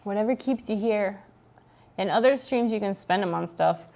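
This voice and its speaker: A woman's voice: mid-range voice, normal speed, gravelly, a little mellow. Woman streamer chatting w/ chat at home, teasing, playful, swears a bit. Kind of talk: casual chat with viewers.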